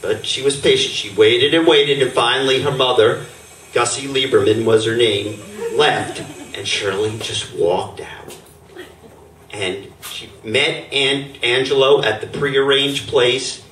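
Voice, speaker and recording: A man's voice: mid-range voice, measured pace, a bit bright. A man telling a personal story live on stage in a rambling way, full of fillers and chuckles. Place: stage before an audience. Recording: roomy stage sound from far off.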